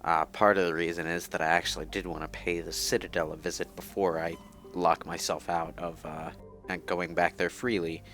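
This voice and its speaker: A man's voice: deep voice, little pitch movement, normal speed, a bit bright, soft background music. A man giving casual gaming commentary over a playthrough, rambling with many fillers and restarts. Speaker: let's play commentator.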